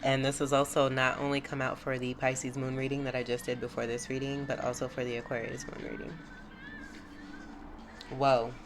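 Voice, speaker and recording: A woman's voice: a bass voice, flat delivery, fast, few pauses. A woman giving a spiritual tarot reading to her viewers, effusive, exclamatory and encouraging. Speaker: tarot reader. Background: music.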